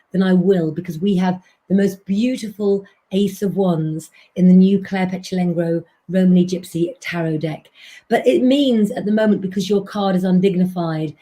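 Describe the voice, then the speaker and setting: A woman's voice: fairly low pitch, warm tone. A woman hosting a live stream as an astrologer and tarot reader, talking chattily to her viewers and calling them "guys".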